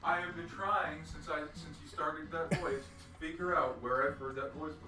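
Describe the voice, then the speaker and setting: A man's voice: a little high, steady tone, normal speed, over music. A man co-hosting a let's play in casual chat, hesitant and repeating words while he searches for what to say. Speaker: co-host.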